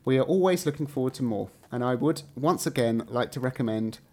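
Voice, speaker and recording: An English man co-hosts a podcast and reads out listener messages in a mid-pitched voice. He stretches out his words for effect and adds playful asides between the messages. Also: lively intonation, fairly quick, darkish tone. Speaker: podcast co-host. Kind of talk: casual chat, reading listener messages aloud.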